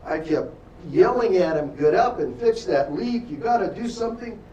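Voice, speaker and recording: A woman's voice: lowish voice, lively intonation, moderate pace, mellow, dull audio, a little hiss or hum, lightly acted. A man quoting a flustered homeowner's wife in a slightly lifted, exasperated voice while telling a story in an echoey room. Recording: echoey room, distant mic.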